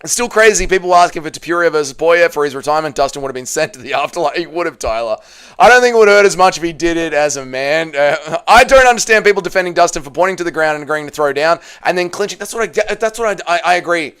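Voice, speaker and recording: On a laid-back livestream, this man talks fast with lively intonation in a clear, resonant, slightly bright voice. Reading viewer messages out loud, he curses, says things more than once, and turns emotional, his voice rising higher when annoyed.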